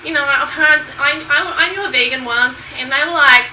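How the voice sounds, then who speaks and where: A woman's voice: sits high, moderate pace, pushed and bright. A woman talking casually and hesitantly, rambling with many fillers, heard in a played clip. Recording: echoey distant clip with faint noise.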